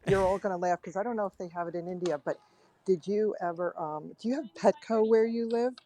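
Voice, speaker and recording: A woman's voice: medium pitch, brisk, warm tone, rough recording. A woman guest on a podcast, chatty and laughing, talking from inside a pet store. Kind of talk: casual podcast chat. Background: faint background noise.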